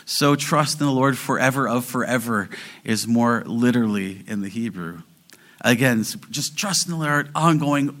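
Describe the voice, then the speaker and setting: A man preaching a sermon in an earnest way, slowing down and rising in volume to stress key phrases. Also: mid-range voice, a bit bright. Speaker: pastor.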